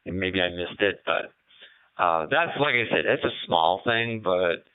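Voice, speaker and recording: A man with a low, smooth voice talks over a ham radio link in a relaxed, easygoing way, pausing often with ums. The sound is dry and thin, like a phone line. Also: no room sound. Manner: relaxed, thoughtful, hesitant with many fillers. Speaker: ham radio operator calling in. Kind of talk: casual radio chat. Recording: tinny radio transmission.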